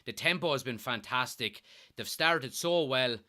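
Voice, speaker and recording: A young man hosting a live fan watchalong, giving excitable, partisan commentary and reading out chat. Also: medium pitch, a little slow. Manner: excitable, partisan, swears when thrilled.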